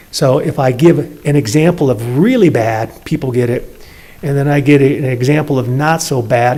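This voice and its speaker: A man, a police chief, answering a council member's question in a measured, explanatory way with plain examples. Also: mid-range voice, darkish tone. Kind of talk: answering questions at a public meeting.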